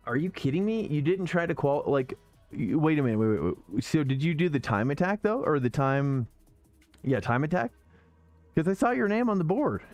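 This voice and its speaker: He streams himself sim racing, and his voice sits a little high and moves at normal speed, with no room sound. Chatty and excitable, he talks casually to his viewers mid-drive, frequently restarting and correcting himself over faint background music.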